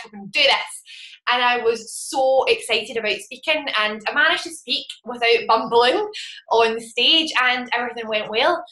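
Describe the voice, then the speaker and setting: A woman giving a motivational training talk, telling a story with lively acted-out moments. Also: on the high side, reverberant, poor audio. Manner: animated storytelling, acts out her own panic. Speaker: network marketing trainer.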